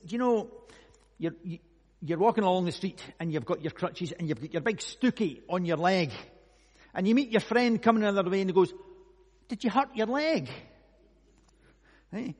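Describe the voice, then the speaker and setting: A man preaching a conversational sermon, musing aloud with many rhetorical questions and moving between hushed and loud delivery. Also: high voice, slightly rough. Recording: long echoey hall reverb.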